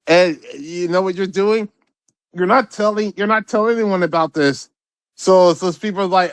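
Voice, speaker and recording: A man with a high voice rants about the news as a podcast co-host. His talk is profane and rambling, full of repeated words, and his voice sounds close and dry. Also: normal speed, smooth, dry recording. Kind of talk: casual political commentary.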